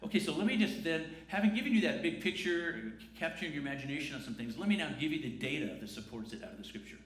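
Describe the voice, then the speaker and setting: A man's voice: on the high side, animated, fast talker. A man preaching a sermon in a conversational way, asking rhetorical questions. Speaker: pastor. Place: church sanctuary. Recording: echoey church room.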